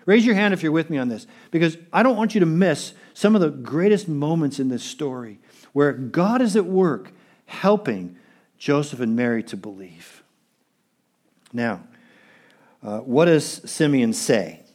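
A man's voice: a little high, lively intonation, measured pace, a little mellow. A pastor preaching a sermon, emphatic and repeating phrases for stress while he speaks straight to his congregation.

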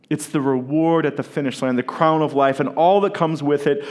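A male pastor preaching a sermon at a church service, earnest and deliberate, leaning on key words with long pauses, and joking easily with his congregation. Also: fairly high pitch, steady tone, darkish tone. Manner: playful banter with the congregation.

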